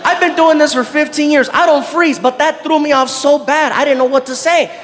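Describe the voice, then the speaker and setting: A man performs stand-up comedy with a high voice, telling his story in an animated way. He laughs often and slips into other voices. Long hall reverb trails every line. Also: fairly quick, a little hiss or hum.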